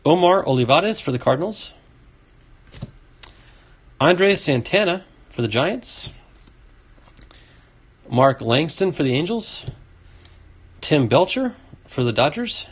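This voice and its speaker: A man's voice: fairly high pitch, big pitch swings, takes it slowly, pauses often, husky. A man hosting a casual card-opening video, reading off names and chatting to a viewer. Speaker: card collecting video host. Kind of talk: casual box-opening commentary.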